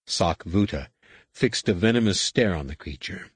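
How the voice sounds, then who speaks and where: A man narrating an audiobook in a steady, even storytelling manner. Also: low voice, normal speed, slightly rough, no room sound.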